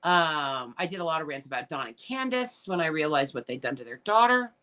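A middle-aged woman chats on her livestream and answers viewers bluntly, swearing freely and getting emotional. Her voice sits fairly low but swings widely up and down as she talks. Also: expressive, fairly quick, bright, forceful tone. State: tearful at times. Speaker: livestream host reading viewer comments. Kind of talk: casual live chat.

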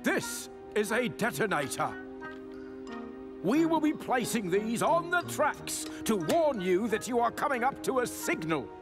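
A man voicing a calm fogman who explains safety steps slowly. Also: very high-pitched, full character voice. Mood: instructive. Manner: slow, instructive. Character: calm careful fogman worker. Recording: over music.

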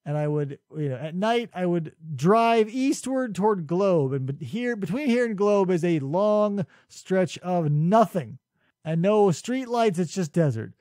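A man's voice: high voice, lively intonation, measured pace, a little mellow, no echo. A man co-hosting a casual comedy podcast, telling a story with dry, mock-logical reasoning. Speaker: podcast co-host.

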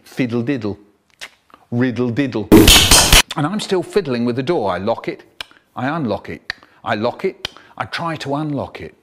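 A man's voice: mid-range voice, animated, normal speed, long pauses, slight background noise. A man in a comedy clip chanting nonsense rhymes in a sing-song way. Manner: rhyming nonsense words.

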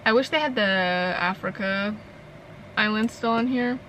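A woman's voice: mid-range voice, unhurried, fairly bright tone, a little hiss or hum, low-quality recording. A young woman in casual gameplay commentary, chatty and sarcastic, swearing and laughing freely. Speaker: gaming channel host.

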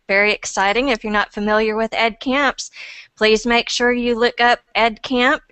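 Webcast guest, woman, forties, librarian, clean dry sound, softly enthusiastic. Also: on the high side, clear, resonant tone, no echo. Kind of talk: casual webcast interview.

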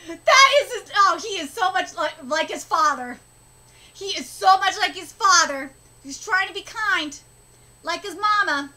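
Shrieking, excitable woman with a very high voice. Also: unhurried. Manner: excitable, gushing, shrieking with delight. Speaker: host. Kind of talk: live manga reaction.

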